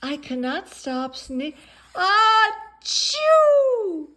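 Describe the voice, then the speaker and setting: A woman voicing an anxious male elephant who stammers and bursts into loud sneezes in a storybook. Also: medium pitch, steady tone, slow pace, natural voice. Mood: distressed.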